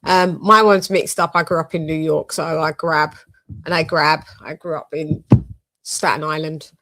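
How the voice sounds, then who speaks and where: A woman's voice: low-pitched, fairly even intonation, moderate pace, a bit bright. A young woman from the UK hosting a casual live-stream boxing show, loose and jokey, swearing and drifting between topics. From United Kingdom.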